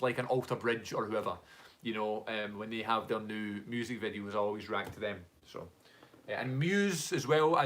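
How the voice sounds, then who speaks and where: A man's voice: mid-range voice, fairly bright tone. A young man with a Glaswegian Scottish accent, chatting casually on a live stream and reading out viewer comments in a rambling way, full of fillers. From Scotland, Glasgow. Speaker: music reaction streamer.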